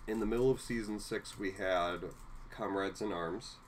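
Very low-voiced woman chatting casually. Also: normal speed, a little hiss or hum. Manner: relaxed, recaps plot with lively asides. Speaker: podcast co-host. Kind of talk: casual chat.

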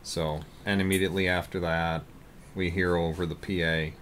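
This deep-voiced man co-hosts a podcast, rambling casually through fillers and false starts. He keeps a level tone at a normal speed, his sound a bit bright, with slight noise in the background.

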